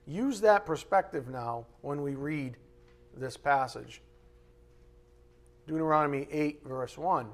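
A male pastor preaching a live sermon, reading scripture aloud and acting out voices in lively asides. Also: a little high, slow pace, long pauses. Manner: animated preaching, reads scripture aloud, acts out God's voice in asides. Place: church sanctuary.

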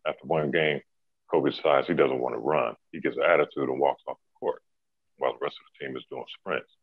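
A former pro basketball player in his forties tells a story in a laid-back, conversational way, with lots of "you know". His voice sits extremely low. The sound is dry and narrow, like a phone call. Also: brisk, gravelly, slightly rough, no room sound. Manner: relaxed, fillers like "you know, man". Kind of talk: casual storytelling.

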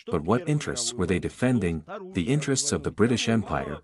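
A man speaks in a rather low voice, delivering political commentary as a voice-over in a sarcastic, argumentative manner. Crowd noise is clearly audible behind him throughout. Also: sing-song, fairly quick.

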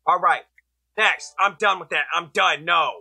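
High, bright-voiced man raging at a game. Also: a little slow, creaky, husky, faint music behind. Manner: loud, ranting, yelling at the game. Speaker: streamer playing a platform game. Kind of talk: rage gameplay commentary.

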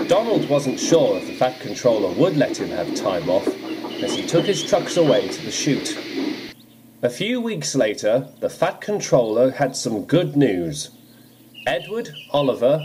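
A man narrating a children's storybook adaptation in an expressive reading style, with music underneath. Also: mid-range voice, unhurried, noisy background.

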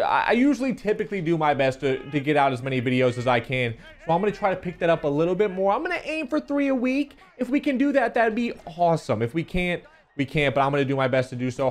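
A man giving casual video game commentary, rambling and chatty, often stumbling and repeating his words. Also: medium pitch. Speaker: gaming YouTuber. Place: home recording setup.

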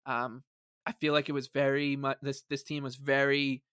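A man's voice: medium pitch, level tone, moderate pace, fairly bright tone, clear, resonant tone, dry recording, studio quality. A man co-hosting a sports podcast, meandering and wry, full of fillers and restarts. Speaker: podcast co-host. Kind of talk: casual sports podcast chat.

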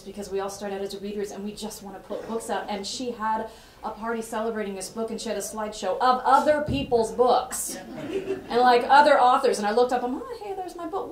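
A woman's voice: mid-range voice, slight background noise. A woman giving a heartfelt introduction speech for an author at a bookstore event, chatty and effusive, laughing often as she talks. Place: bookstore event room with an audience. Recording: roomy hall, voice picked up from a distance, faint ambience.

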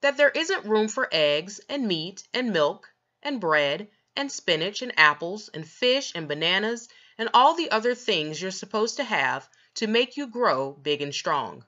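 A woman's voice: mid-range voice, big pitch swings, a little slow, pushed and bright, highs cut off, voice pushed up. A woman voicing a father who reasons persistently with his son, in a storybook read-aloud. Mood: reasoning. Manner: reasoning and persistent, long lists.

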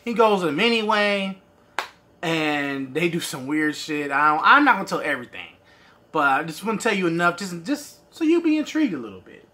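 A man's voice: on the high side, very animated, a little fast, bright, forceful tone. A man reviewing a movie in a loose, slangy casual chat, laughing often and acting out his own reactions.

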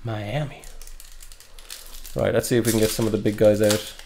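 Young man, card-break host, upbeat and chatty, gravelly edge. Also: fairly low pitch, flat delivery, racing, mellow, a little hiss or hum. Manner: chatty, upbeat, lots of fillers. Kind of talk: live card break commentary.

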